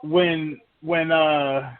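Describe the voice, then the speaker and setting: A man with a notably high voice rambles through casual sports banter, piling up fillers and restarting his sentences. The sound is thin and narrow, like a phone line. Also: little pitch movement, extremely slow. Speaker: sports talk podcast host. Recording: tinny phone-like podcast audio.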